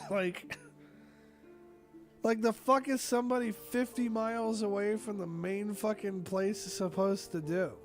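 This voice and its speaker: A man's voice: high voice, steady tone, a little slow, long pauses, darkish tone, soft background music. A man with a cough, hosting a casual online chat and ranting with lots of swearing and exasperation. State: sick with a cough.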